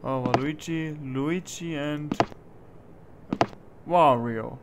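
Brief: male gamer, high-pitched, jumpy self-talk, noisy recording. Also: very slow. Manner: jumpy, talks to himself, yelps when startled. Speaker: let's play gamer. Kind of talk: horror game commentary.

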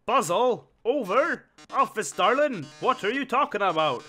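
A man voicing a flamboyant male robot game-show host with a melodramatic, drawn-out sarcastic delivery. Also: sits high, big pitch swings, pushed and bright, faint music behind, heavily acted. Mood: taunting.

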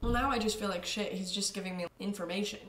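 A woman's voice: medium pitch, steady tone, fast, fairly bright tone. A young woman in her twenties vlogging in a playful, giggly way and reading chatbot replies aloud. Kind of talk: casual comedic commentary. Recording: echoey room with noise and keyboard typing.

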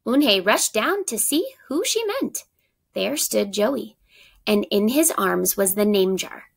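Teacher read-aloud, woman, unhurried storybook pace, slight gravel. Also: mid-range voice, big pitch swings. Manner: pauses to ask prediction questions, warm asides.

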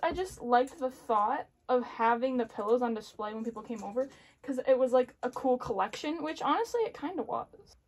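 A woman's voice: on the high side, expressive, moderate pace, slight background noise. A young woman vlogging casually at home, chatty and laughing often as she cleans a bedroom. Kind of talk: casual chat.

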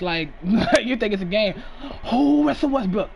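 A man giving casual, excitable commentary while playing a basketball video game. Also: high-pitched, normal speed, gravelly, lo-fi sound, a crowd in the background. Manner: excitable, shouts and laughs at plays. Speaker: gaming commentator.

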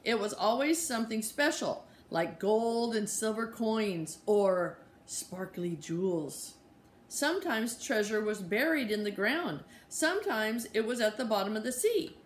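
A woman's voice: medium pitch, lively intonation, a little hiss or hum. Woman reading a kids' book aloud. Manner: pauses to show and explain pictures. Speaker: reader. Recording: roomy echo.

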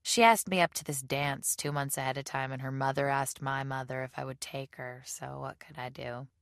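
A woman reading out a young male college student in a storybook, easygoing and offhand. The voice sits low with a gravelly edge. The sound is dry and close. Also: fairly even intonation, moderate pace, no echo.

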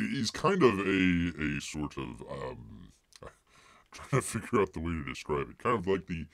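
Hosting a casual live stream, a man rambles in a folksy way, piling on filler words and referring to himself by name in the third person. His voice is low with vocal fry, and there's no room sound.

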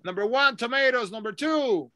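A man's voice: extremely high pitch, lively intonation, normal speed, bright, forceful tone, dry recording. A man teaching English over a video call, patiently drilling pronunciation and switching into Spanish. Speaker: ESL teacher. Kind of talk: online English lesson.

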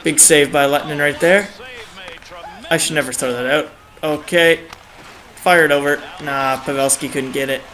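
A young man giving excitable live commentary on his own video game match, groaning and cheering at each play, his throat a bit dry. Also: fairly high pitch, moderate pace, long pauses. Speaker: gaming channel host.

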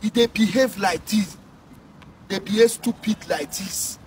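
A social commentator from Edo State, Nigeria, rants in Nigerian Pidgin English with a very high voice, a little slow. He shouts in a sing-song, scolding way, captured on a distant mic with faint noise.

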